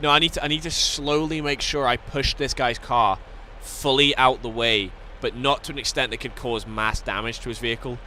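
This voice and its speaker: A man's voice: medium pitch, steady tone, moderate pace, few pauses, sharp tone, a little hiss or hum. A Scottish man streaming a game, telling stories in casual chat, swearing constantly and laughing through them.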